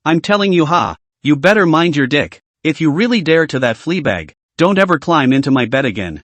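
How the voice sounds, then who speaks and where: A man's voice: a little high, lively intonation, brisk, no echo. A man voicing a jealous, threatening young woman in a comic recap. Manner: sharp, scolding.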